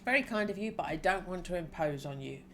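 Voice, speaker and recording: A woman's voice: fairly low pitch, expressive, fast, fairly bright tone, a little hiss or hum. A woman streamer reading a story game aloud and thinking aloud about her choices between lines.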